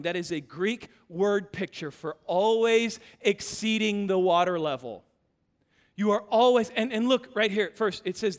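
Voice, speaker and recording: Brief: male pastor, high-pitched, emphatic storyteller, long reverb of a church sanctuary. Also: expressive, normal speed, fairly bright tone. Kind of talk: sermon.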